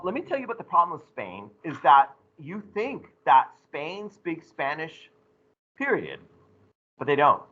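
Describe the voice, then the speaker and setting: A male teacher giving an animated, joking classroom lecture to his students. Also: on the high side, highs cut off.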